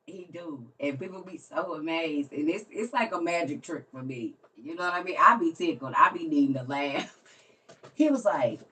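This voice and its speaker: A woman who hosts a livestream and tells a story in a casual way. She laughs often and swings between soft, quiet lines and loud ones. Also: deep voice, normal speed, recorded from a distance. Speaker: livestream host.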